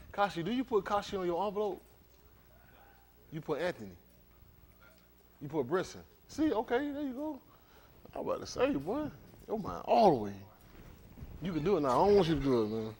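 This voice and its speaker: A man's voice: high-pitched, a little fast, long pauses, a little hiss or hum. A man leading a congregation, telling teasing stories in casual banter before the service, in an indoor hall. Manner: teasing, storytelling, animated. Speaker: congregation leader.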